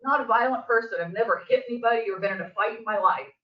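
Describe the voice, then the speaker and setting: At a board meeting in a district office meeting room, an older resident speaks during public comment in a slightly high voice, talking fast. Agitated and emphatic, she tells her story with her voice rising toward the close, captured in distant, echoey, dull audio.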